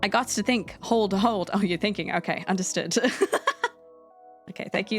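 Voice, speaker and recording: A woman's voice: medium pitch, moderate pace, long pauses, soft background music. A woman streamer talking casually and playfully as she critiques her own art, poking fun at herself. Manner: chatty, playful, self-deprecating. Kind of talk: casual live-stream commentary.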